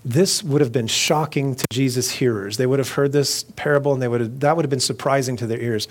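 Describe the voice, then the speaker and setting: A male pastor gives a relaxed, conversational sermon at a middle pitch. He talks casually and animatedly, slipping into the voices of the characters as he retells the story. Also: a little fast, few pauses.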